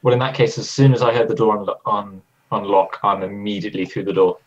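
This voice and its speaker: A man's voice: on the low side, level tone, fast. A man playing in a tabletop game, carefully thinking aloud about tactics. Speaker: player. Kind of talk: tabletop role-play chat. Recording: dull lo-fi husky audio.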